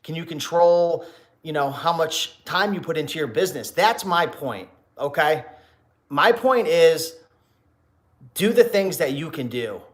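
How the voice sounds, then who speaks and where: A man's voice: fairly high pitch, expressive, a little slow. Preachy man on a livestream. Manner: preachy, rhetorical questions, repeats words and restarts. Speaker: reseller YouTuber hosting a livestream. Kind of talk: casual livestream chat.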